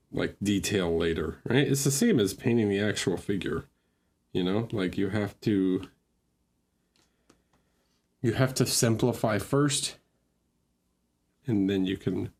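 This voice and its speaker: Guy critiquing mini paintings on stream, slow and laid back, kinda low voice, talks to chat. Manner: relaxed, thinking aloud, chats with viewers. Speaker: miniature painting streamer giving feedback. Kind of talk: casual livestream critique.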